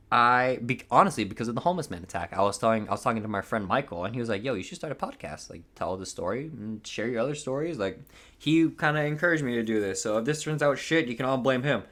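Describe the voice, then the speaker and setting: A man's voice: medium pitch, lively intonation, a little fast, a bit bright. A young man hosting a casual solo podcast, rambling through a story, swearing freely and laughing at himself. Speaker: podcast host. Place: home room by a window.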